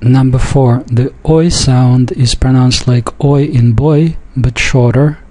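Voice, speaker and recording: A man leads a pronunciation lesson at a slow, unhurried pace. His voice is mellow and dark, and he repeats each word with care, pausing and sometimes restarting a phrase. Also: medium pitch, steady tone, poor audio. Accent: speaks a Yiddish dialect. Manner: deliberate, repeats words slowly, with pauses and small restarts. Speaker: language teacher.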